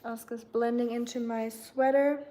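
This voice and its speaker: Woman in her thirties, livestream host, casual rambling chat, mellow higher voice. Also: steady tone, moderate pace. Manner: chatty, rambling, with frequent fillers. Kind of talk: casual chat reading viewer comments.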